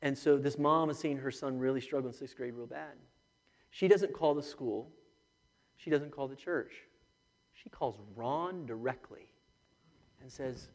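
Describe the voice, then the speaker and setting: A man preaching a sermon as pastor, moving from quiet, conversational stories to raised, impassioned calls. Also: mid-range voice, measured pace, long pauses. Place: church sanctuary.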